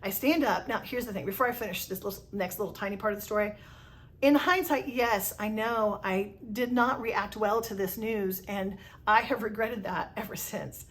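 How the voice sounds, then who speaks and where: A woman's voice: medium pitch, normal speed, fairly bright tone. Chatty self-deprecating woman storyteller. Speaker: storyteller host. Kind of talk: casual storytime narration.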